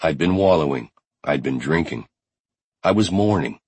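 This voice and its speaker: Low husky guy reading a novel aloud, measured, dry close mic. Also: expressive, a little mellow, no room sound. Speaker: audiobook narrator. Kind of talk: first-person audiobook narration.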